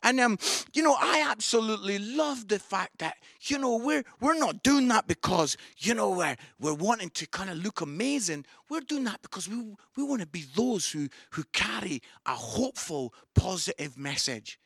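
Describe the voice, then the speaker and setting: A man preaching an online sermon, animated and enthusiastic, shouting some lines and growing soft and low at others. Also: moderate pace, gravelly, hardly any pauses, dry recording, studio quality. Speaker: pastor.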